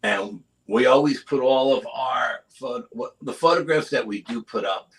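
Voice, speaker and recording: A middle-aged man telling a story as a guest in a live interview, animated and often asking "you know?". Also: mid-range voice, unhurried, poor audio. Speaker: guest, cryptid investigator.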